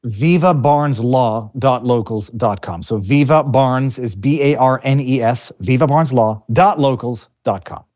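As an interview guest, a man argues passionately and combatively in a conversational setting, often repeating words while gathering his thoughts. His mid-range voice has a darkish tone, and he talks a little slowly with hardly any pauses.

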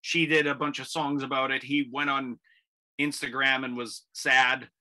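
A man hosting a comedy radio panel. He talks quickly, laughs often and steers the conversation. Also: medium pitch, little pitch movement, bright, forceful tone. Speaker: radio comedy show host.

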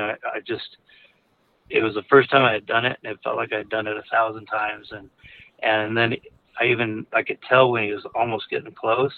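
A man casually telling a personal story, rambling with lots of fillers and restarts. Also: on the low side. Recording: narrow phone-like audio.

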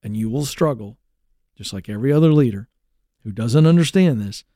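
A man hosting a career advice call-in show, delivering an energetic, emphatic monologue with repeated points and quick asides. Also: medium pitch, dry recording, clean studio sound.

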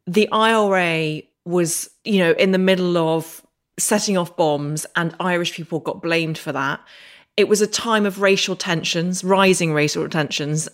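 A woman hosting a podcast, asking questions in an admiring way. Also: fairly low pitch. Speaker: podcast host. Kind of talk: interview questions.

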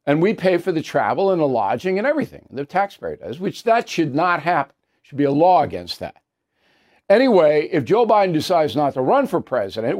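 A man's voice: a little high, a little mellow. Emphatic opinion news host, man. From New York. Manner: emphatic, repetitive, blunt.

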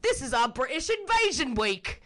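A woman's voice: high-pitched, very animated, moderate pace, a bit bright. A woman co-hosting a casual podcast, swearing freely and sarcastic, breaking into laughter. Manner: profane, sarcastic, laughs a lot. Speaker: podcast co-host.

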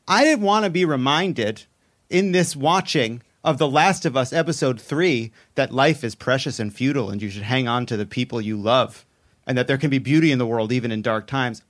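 A man with an ordinary mid-range voice giving a comedic podcast monologue. He plays at outrage with dry sarcasm, then builds to loud, emphatic peaks. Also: medium pitch. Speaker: podcast co-host. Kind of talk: comedic monologue, casual chat.

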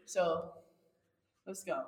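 A woman's voice: on the low side, extremely slow. A young woman co-hosting a casual podcast, reacting in a playful, teasing way. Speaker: podcast co-host. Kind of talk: casual chat. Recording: echoey room with long reverb.

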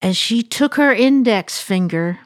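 A woman's voice: fairly high pitch, animated, unhurried, no room sound, clean studio sound. An older woman co-host telling a family story as a devotional reflection, acting out the voices she quotes. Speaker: podcast co-host.

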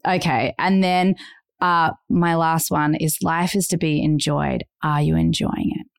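Woman, podcast co-host, gravelly edge, dry close sound, effusive and encouraging. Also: sits low, fairly even intonation, measured pace, dry recording. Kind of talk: casual chat.

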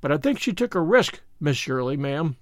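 Chattery teen maid girl, squeaky and bouncy, a guy putting her on. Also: very animated, normal speed, no room sound, studio quality. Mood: gushing. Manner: gushing, breathless chatter. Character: excited teenage servant girl.

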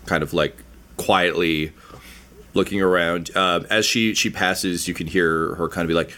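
A man narrating a tabletop game as game master, halting and full of ums. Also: sits low, fairly even intonation, pushed and bright.

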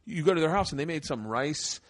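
With an animated, brisk delivery in a voice on the high side, a man hosting a podcast narrates a story in casual, profane chat, shouting out the quoted parts. It's clean studio sound with no echo.

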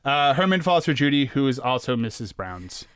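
Jokey American man, lively pitch. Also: normal speed, a little hiss or hum. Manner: jokey, rambling, laughs often. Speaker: podcast co-host. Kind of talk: casual chat.

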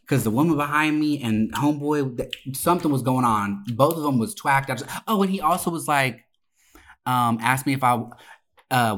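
A woman casually telling a wild story, profane and animated, with frequent laughter and swearing. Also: rumbling low, a little hiss or hum.

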